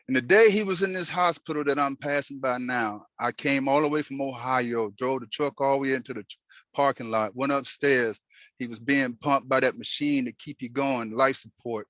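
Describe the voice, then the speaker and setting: A man telling a personal story while driving, in an earnest, halting way with many restarts. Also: mid-range voice, fairly even intonation, a bit bright, no room sound, dull audio. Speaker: host. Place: in a moving car.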